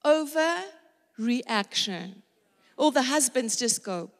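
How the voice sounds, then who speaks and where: A woman's voice: sits high, expressive, slow, bright, forceful tone, big-room sound, a little hiss or hum. A woman preacher giving a dramatic sermon, acting out the lines of the people in the story and talking straight to the women listening. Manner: dramatic, acts out the characters' lines; talks directly to women in the audience.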